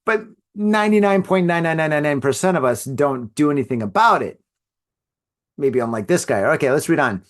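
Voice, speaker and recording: A man's voice: a little high, animated, fairly quick. A middle-aged man hosting a solo podcast, rambling casually with lots of filler and laughing at his own jokes. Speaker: podcast host.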